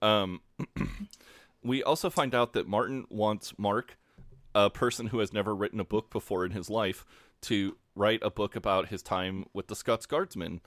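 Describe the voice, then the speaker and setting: A man co-hosting a podcast talks through episodes in a relaxed, chatty way. He reads from his notes and breaks into laughs often. His voice sits fairly low, and it is recorded close and dry with no room sound. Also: unhurried, dry recording. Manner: laid-back, laughs often, recaps from notes. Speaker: podcast co-host. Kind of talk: casual podcast recap chat.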